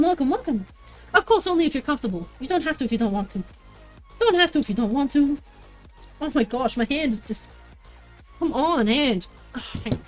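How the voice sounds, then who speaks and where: A woman's voice: sits high, animated, brisk, pauses often, faint music behind. A woman livestreaming while she crafts, chatting to viewers in a bubbly, playful way and often singing or laughing. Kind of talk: casual live-stream chat while crafting.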